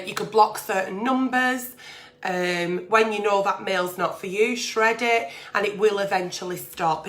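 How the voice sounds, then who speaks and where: A woman's voice: mid-range voice, a bit bright. A woman, hosting an agony-aunt livestream and giving blunt, sweary, plain-spoken advice. She talks in a chatty way, reading out letters and then answering them.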